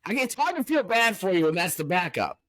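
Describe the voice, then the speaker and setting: A man's voice: sits high, very animated, a little fast, a bit bright, no room sound. A man hosting a casual podcast, swearing constantly and swinging from angry rants to hyped cheer. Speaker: podcast host.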